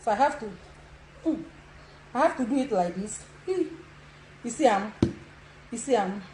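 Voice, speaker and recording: A Nigerian woman in her sixties gives bold, chatty instructions and laughs often. Her voice is high, and it rings around an echoey room. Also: animated, moderate pace, noisy background. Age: 60s. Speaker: live video host. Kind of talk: social media live demonstration.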